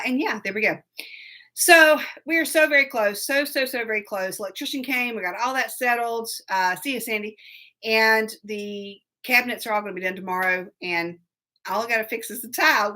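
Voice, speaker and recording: A woman's voice: on the high side, a little fast, sharp tone. A woman hosting a live show, chatting casually and rambling, laughing often and greeting viewers by name. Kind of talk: casual live-stream chat.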